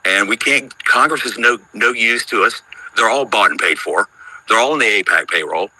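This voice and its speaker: A man's voice: fairly low pitch, normal speed, pushed and bright, slight background noise, poor audio. A man in his fifties calling into a live audio chat, talking in a worried, rambling, emphatic way. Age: 50s. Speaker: caller on a live audio room. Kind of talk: casual chat.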